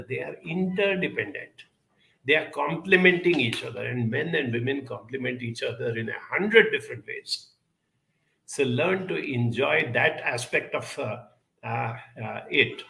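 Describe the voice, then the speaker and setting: A man giving advice on relationships and emotions to an audience, speaking in a measured, earnest way and building up lists with frequent pauses and fillers. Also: a little high, vocal fry, sharp tone. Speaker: speaker answering audience questions. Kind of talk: advisory talk on relationships and emotions. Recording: echoey room.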